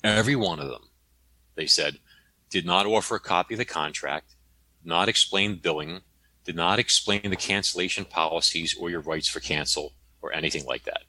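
A man telling stories as an interview guest, animated and tagging his points with "okay?". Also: sits low, normal speed, no echo. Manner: animated, tags statements with "okay?". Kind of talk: conversational storytelling.

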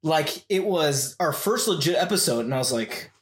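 Animated, rambling podcast host man. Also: on the high side, normal speed. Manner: rambling, talks to the audience. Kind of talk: casual chat. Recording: roomy echo.

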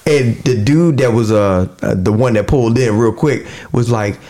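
A man's voice: mid-range voice, moderate pace. Man telling a story casually. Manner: animated storyteller acting out quoted dialogue. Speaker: podcast co-host.

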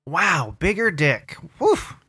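Lively bright-voiced male podcast co-host. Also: on the high side, slow pace, slightly rough, no room sound, studio quality. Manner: teasing, deadpan boasting, lively. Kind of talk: casual comedic banter.

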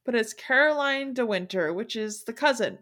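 Bright-voiced chatty woman podcast host. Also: on the high side, normal speed. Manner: chatty, animated retelling with frequent "like". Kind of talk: casual book chat.

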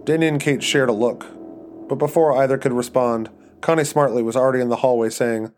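Podcast host narrating horror fiction, measured and even, mid-range male voice. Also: medium pitch, soft background music. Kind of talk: scripted narration of a horror story.

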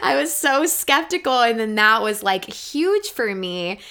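A woman speaking as a guest in a relaxed podcast chat, with a bright, forceful edge to her voice. Her tone is clean and crisp. She tells earnest stories, full of "like"s and quick asides. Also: a little high. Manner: earnest, animated storytelling with many fillers. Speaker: guest, physical therapist. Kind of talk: casual podcast conversation.

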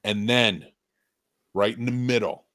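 A man's voice: fairly low pitch, a little slow, no echo. A man in a casual podcast chat, telling a story with lots of swearing and acting out scenes. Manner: animated, swearing storyteller who acts out scenes. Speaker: podcast co-host.

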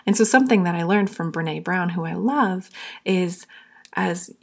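A young woman talks earnestly on her podcast, her low voice full of gravelly fry. She speaks openly and warmly to the listener and is at times close to tears. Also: moderate pace. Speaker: podcast host. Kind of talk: heartfelt solo podcast talk.

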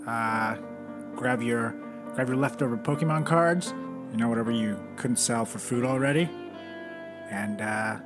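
A young man hosting a casual comedy chat, telling crude absurd jokes in a deadpan way and laughing at his own bits. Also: mid-range voice. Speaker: podcast host. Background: music.

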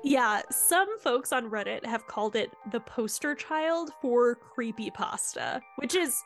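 A woman co-hosting a casual podcast, chatty and quick to laugh at herself. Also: fairly high pitch, animated, a bit bright, faint music behind. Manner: chatty, laughs easily, self-deprecating. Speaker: podcast co-host.

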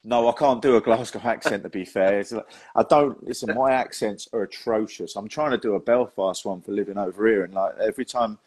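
Chatty man, fairly low voice. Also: a little fast, hardly any pauses, husky. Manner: chatty, laughs often, lively storytelling. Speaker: podcast host. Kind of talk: casual chat.

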